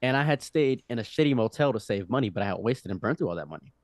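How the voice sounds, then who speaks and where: Lively young man telling a story. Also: medium pitch, quick pace, dry recording, studio quality. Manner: animated, with frequent restarts and acted-out quotes. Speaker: podcast guest. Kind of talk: storytelling in casual conversation.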